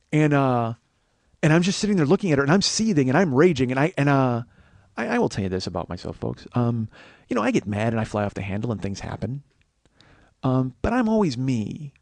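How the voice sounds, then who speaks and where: A man in his forties hosting a comedy podcast, telling a profane story and breaking into shouts as he reenacts an argument. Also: medium pitch, gravelly, no room sound. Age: 40s. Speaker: podcast host.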